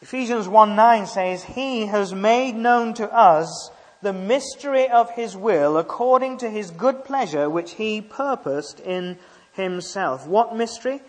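Male preacher with a high voice, emphatic with tag questions, recorded in an echoing hall. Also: expressive, a little slow. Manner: emphatic, rhetorical tag questions, frequent hesitations. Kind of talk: sermon.

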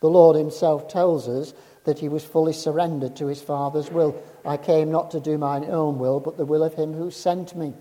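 A man preaching a sermon in a measured, emphatic way, dropping low and soft on key phrases. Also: fairly even intonation. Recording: reverberant hall.

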